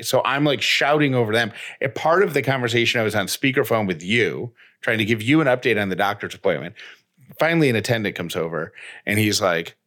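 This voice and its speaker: A man's voice: lowish voice, a little fast, a bit bright. A man in his thirties co-hosting a podcast, telling a story in casual chat and acting out both sides of an exchange. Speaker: podcast co-host.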